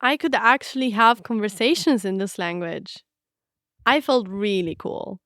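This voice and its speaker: A young woman from Romania, a native Romanian speaker, giving a reflective, measured scripted narration of her own story. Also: medium pitch, a bit bright, no room sound, studio quality.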